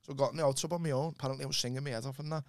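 A man's voice: mid-range voice, fairly even intonation, racing, no echo. A man in casual podcast chat, rambling through a story and laughing as he goes.

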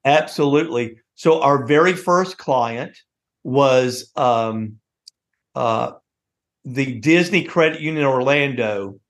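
A man hosting a reminiscing conversation, telling stories in an animated way and laughing often. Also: mid-range voice, slow pace. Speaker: host.

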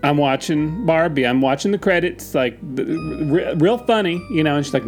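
A man's voice: fairly high pitch, fairly quick, hardly any pauses, faint music behind. A man co-hosting a podcast, telling stories in a chatty way and acting out quotes with gasps. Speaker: podcast co-host. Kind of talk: casual chat.

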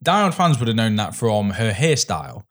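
Male podcast co-host, low voice, loose rambling film chat. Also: sing-song, moderate pace, fairly bright tone. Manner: rambling, many restarts and fillers.

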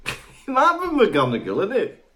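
A man's voice: high-pitched, wildly swooping pitch, moderate pace, a bit bright, slight background noise. Chatty man co-hosting a podcast. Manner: jokey and chatty. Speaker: podcast co-host. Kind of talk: casual chat.

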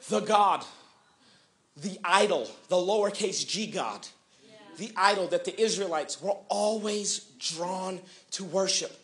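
A young man preaching a sermon, shouting and half-singing at his peaks, then dropping into quick, quiet joking asides. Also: sits high, echoey room. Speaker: pastor.

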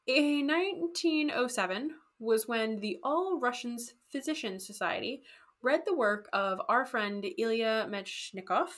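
A woman casually telling a history story on a podcast, animated and jokey, acting out quotes. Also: fairly high pitch, measured pace. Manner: animated, jokey, acts out quotes in goofy voices. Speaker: podcast co-host.

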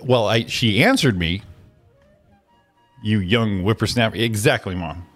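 A man's voice: on the low side, measured pace, faint music behind. A man hosting a morning radio show, telling an exasperated, profane story and acting out the people in it. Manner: exasperated, profane storytelling with animated quoted voices. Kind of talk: casual ranting chat.

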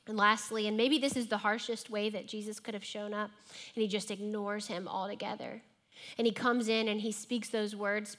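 Woman preacher, sermon delivery, voices imagined lines, hushes for emphasis. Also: mid-range voice, level tone, normal speed. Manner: acts out imagined dialogue, dropping to a hush for emphasis.

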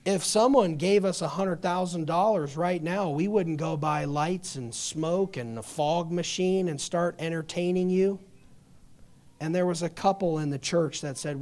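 A man in middle age delivers a sermon in a high-pitched voice. His storytelling is passionate and shifts between quiet, hushed moments and loud, emphatic peaks. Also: a little slow. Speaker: pastor.

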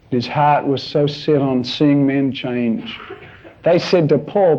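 Animated male preacher, lo-fi. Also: a little high, measured pace, slight background noise. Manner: animated storytelling with shouted sound effects. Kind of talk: sermon.

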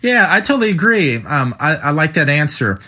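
A man with a bright, slightly high voice interviews a guest for a podcast. He hesitates often and fills his questions with "um" and "uh". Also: sing-song, a little fast. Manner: hesitant, full of "um" and "uh".

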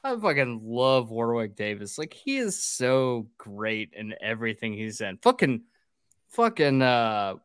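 A man's voice: medium pitch, big pitch swings, unhurried, a bit bright, clean tone, no room sound, studio quality. A man hosting a casual drinking podcast, recapping a film plot in a profane, rambling way.

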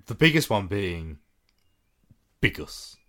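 A man casually chatting about a film as a podcast co-host, enthusiastic, his phrases trailing off low. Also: very animated, moderate pace, slight background noise.

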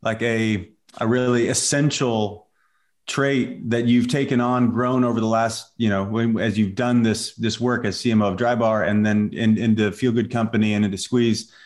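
A man from Southern Illinois hosting a podcast, asking questions in a halting, word-searching way. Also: fairly low pitch, steady tone, a little mellow. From Southern Illinois, USA. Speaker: podcast host. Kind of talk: casual interview chat.

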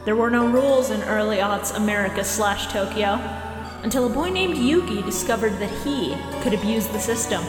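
A woman's voice: medium pitch, moderate pace. A woman narrating a mock-epic podcast intro with dramatic, parodic delivery. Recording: echoey intro with loud music.

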